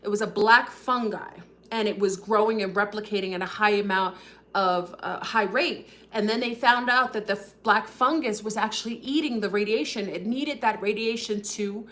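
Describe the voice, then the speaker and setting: Woman host, quick rambling delivery, fillers throughout, talks straight to viewers, mid-pitched voice. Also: a bit bright. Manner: fast-talking, rambling with many fillers; addresses viewers directly. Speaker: livestream host. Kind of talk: casual livestream monologue.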